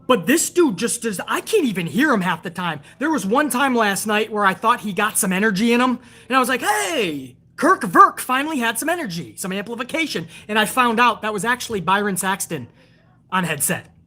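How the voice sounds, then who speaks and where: A woman's voice: mid-range voice, expressive, fairly quick, a bit bright. A woman hosting a show, ranting hard with profanity about wrestling and answering viewers in a live chat. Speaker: show host.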